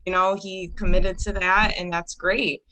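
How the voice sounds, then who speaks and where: A woman's voice: fairly low pitch, level tone, a little slow, sharp tone, low-quality recording. A woman talking as a podcast guest, reflective and a bit hesitant, with many fillers. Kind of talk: casual podcast chat.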